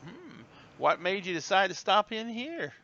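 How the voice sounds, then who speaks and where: A woman's voice: mid-range voice, very animated, unhurried, a bit bright, no echo, dull audio, voice pushed up. A man voicing a gregarious small-town tavern hostess with a put-on Southern drawl, folksy and teasing.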